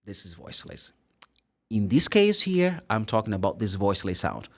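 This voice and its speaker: A man with a Brazilian Portuguese accent teaches English pronunciation. His pitch rises and falls widely as he explains. He models the sounds himself and acts out the questions students ask. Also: sing-song, moderate pace, fairly bright tone. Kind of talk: pronunciation lesson.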